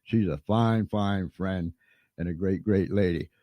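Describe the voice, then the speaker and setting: A man's voice: low voice, measured pace, mellow, no echo. A man hosting a live stream in a folksy, chatty way, fighting a cold. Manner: folksy and chatty, playful showman. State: has a cold. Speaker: host. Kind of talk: casual live-stream interview.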